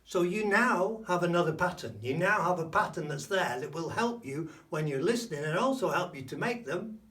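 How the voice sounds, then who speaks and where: Man teaching a language lesson, high voice, mic a bit far off. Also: animated, a bit bright. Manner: slow and deliberate, repeats key words.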